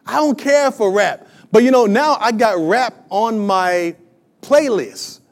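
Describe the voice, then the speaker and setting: A preacher in his fifties delivers his sermon with lively energy. His voice sits high for a man. He keeps drawing the congregation in with questions. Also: slow pace. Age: 50s. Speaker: pastor.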